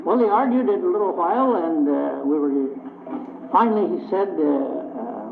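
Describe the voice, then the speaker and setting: A man's voice: fairly high pitch, animated, normal speed, vocal fry. An older man giving a plainspoken public speech to a club, telling stories and acting out both sides of conversations. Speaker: speaker addressing a club luncheon. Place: meeting hall. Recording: echoey, tinny old vinyl recording with faint hiss.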